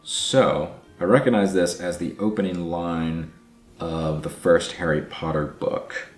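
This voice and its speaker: A man's voice: low-pitched, a little slow. A man hosting a casual language-learning vlog, explaining in a chatty way and thinking aloud as he works through words. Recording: echoey room with faint music.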